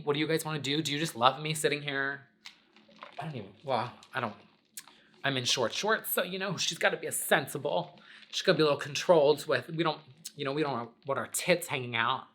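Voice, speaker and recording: A man chats to camera from his apartment in a bright, forward voice. He rambles loosely and speaks candidly, with the odd curse word. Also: medium pitch. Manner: rambling, chatty, candid, sprinkled with swearing. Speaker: vlogger and podcast host. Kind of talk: casual chat to camera. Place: sitting at home in his apartment.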